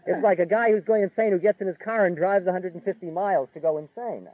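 Guy giving a laid-back spiritual talk, kinda high voice, says like a lot, tinny phone-ish sound. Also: expressive, fairly quick, hardly any pauses, no room sound. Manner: conversational, chuckling, lots of "like" and "you know". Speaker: spiritual teacher. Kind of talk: informal spiritual lecture. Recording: tinny narrow-band dry recording.

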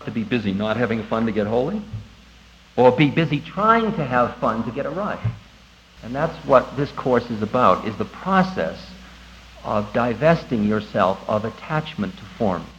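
A man giving a conversational spiritual talk to an audience, animated and laughing at himself. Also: medium pitch, moderate pace, a little hiss or hum. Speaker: spiritual teacher. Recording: dull lo-fi recording with faint ambience.

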